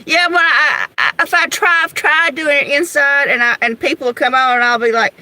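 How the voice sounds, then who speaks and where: A woman's voice: sits high, moderate pace, few pauses, bright, forceful tone, no echo, low-quality recording. A middle-aged woman hosting a livestream, chatting casually, telling stories about home life and greeting viewers by name between laughs. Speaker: livestream host.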